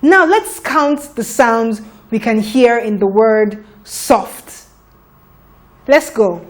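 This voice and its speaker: A woman teaching a children's phonics lesson, sounding out letters slowly and deliberately. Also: a little high, lively intonation.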